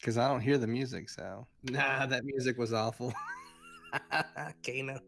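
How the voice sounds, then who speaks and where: Gravelly guy on a call, teasing everyone, dry sarcastic jokes. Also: mid-range voice, measured pace, a bit bright, slight background noise. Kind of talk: casual chat. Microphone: remote call audio.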